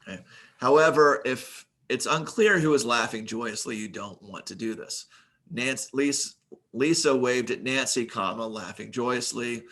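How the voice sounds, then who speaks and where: A man delivering a recorded grammar lecture at an ordinary middle pitch. He reads example sentences aloud and then explains them step by step. He keeps a measured, methodical manner, with the odd "uh" along the way. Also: fairly bright tone. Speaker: teacher.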